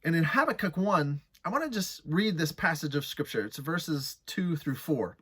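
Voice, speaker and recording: Bright-voiced, earnest preaching man. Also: on the high side, expressive, moderate pace, slightly rough. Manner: earnest, conversational preaching with dramatic scripture reading. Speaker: pastor. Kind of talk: sermon.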